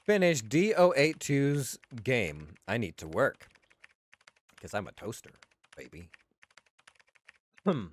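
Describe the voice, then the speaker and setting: A man's voice: mid-range voice, animated, takes it slowly, pauses often. A man, a streamer and voice actor, reading game logs in a casual way with laughing asides, his voice tired. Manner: laughing, self-mocking asides.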